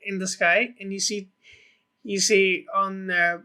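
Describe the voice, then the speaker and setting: Excitable male co-host, high pitched, rambling, heavy swearing. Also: slow. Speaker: podcast co-host. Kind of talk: casual film podcast chat.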